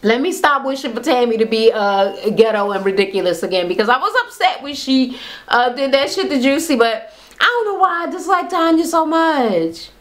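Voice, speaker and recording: A woman giving a casual reality TV recap, blunt and profane, with slangy, animated commentary. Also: high voice, moderate pace. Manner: animated retelling, acts out quotes; slangy, conversational.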